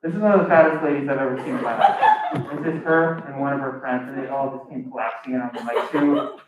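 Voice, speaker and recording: A man's voice: mid-range voice, fast. A young man doing a stand-up set as a student comic, telling a long rambling story and acting out the people in it. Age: young adult. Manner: acts out quoted voices, rambling and self-correcting. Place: live comedy stage. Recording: echoey muffled room recording from far off, noisy.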